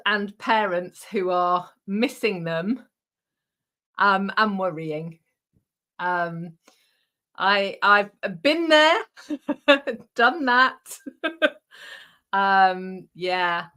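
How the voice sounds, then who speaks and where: A middle-aged woman hosts a casual live craft chat with viewers, talkative and laughing, with lots of ums and restarts. She sounds out of breath, and her mid-range voice is pushed and bright.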